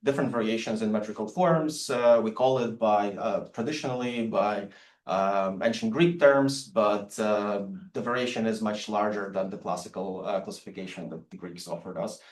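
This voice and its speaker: A man, a non-native English speaker, giving an academic lecture on poetic forms with many halting fillers and restarts. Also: fairly low pitch. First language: Latvian. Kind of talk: public lecture with poetry readings. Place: lecture room. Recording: roomy lecture hall sound.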